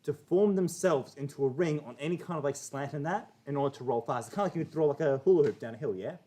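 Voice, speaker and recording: A man's voice: a little high, fast talker, mellow. A man with an Australian accent bantering crudely and calling everyone mate. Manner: crude joking, calls people mate. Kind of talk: casual banter.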